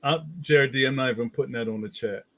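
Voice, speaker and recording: A man's voice: medium pitch, fast talker, fairly bright tone, a little hiss or hum. A man hosting a casual livestream, reading viewer comments aloud in a playful, slangy way and laughing often. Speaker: livestream host.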